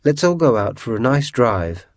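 Guy doing a calm sensible mum, soothing, storybook, dry close sound. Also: medium pitch, moderate pace, no echo, lightly acted. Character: calm sensible mother of the family. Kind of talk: storybook reading.

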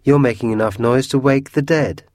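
A man voicing a calm, sensible mother in a storybook reading, speaking soothingly. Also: medium pitch, normal speed, dry recording, clean studio sound, pitched above the performer's own voice, lightly acted.

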